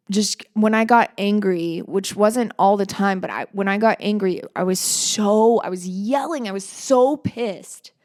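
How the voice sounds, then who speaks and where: Female podcast host, earnest and encouraging monologue, vocal fry throughout. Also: on the low side. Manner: earnest, reflective and encouraging, with soft trailing phrases.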